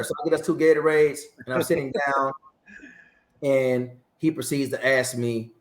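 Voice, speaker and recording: A man's voice: mid-range voice, normal speed. A man in his forties, a Marine veteran guest, telling a story in an interview and acting out the dialogue. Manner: lively storyteller who acts out dialogue. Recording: roomy echo.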